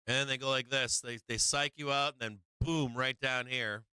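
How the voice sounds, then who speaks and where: A man's voice: medium pitch, fairly even intonation, normal speed, sharp tone, clean tone, no echo. A man hosting a live stock market stream, coaching and taunting viewers in brash, profane, rambling commentary full of "right?". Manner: brash, profane, repeats "right?" and restarts often; talks directly to viewers, coaching and taunting them. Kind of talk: casual live trading commentary.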